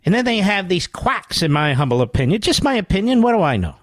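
Sarcastic male radio host, lively pitch. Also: fast, no room sound. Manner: sarcastic and mocking, with rhetorical asides. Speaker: radio talk show host. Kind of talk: opinionated radio monologue.

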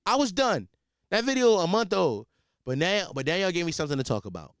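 A man hosting a podcast, telling a comic story in a profane, rambling, animated way. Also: high voice, a little fast, clean tone, dry recording, studio quality. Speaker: podcast host. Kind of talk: comedic storytelling.

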